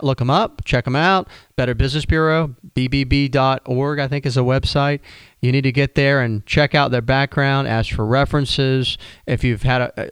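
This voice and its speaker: A man hosting a radio advice show with a smooth, resonant voice. He talks in a casual, folksy way and often restarts his sentences. The studio sound is close and dry. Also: mid-range voice, dry recording. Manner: conversational, folksy, frequent restarts. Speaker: radio show host, financial planner.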